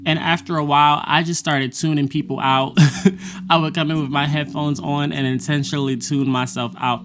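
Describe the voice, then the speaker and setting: A vlogger talking casually about a semester, blunt and profane, with frequent laughter. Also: medium pitch. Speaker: vlogger recapping a college semester. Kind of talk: casual monologue.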